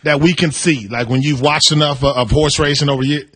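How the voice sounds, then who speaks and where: A man's voice: on the high side, fairly quick. A man co-hosting a sports talk radio show, bantering playfully with his co-host. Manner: playful, bantering, lively intonation.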